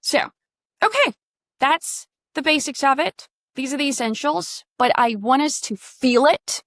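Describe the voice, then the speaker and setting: A woman's voice: sits high, animated, a little slow, a bit bright, no room sound, studio quality. A woman coaching pronunciation in a casual online lesson, chatty and quizzing her student, swearing now and then.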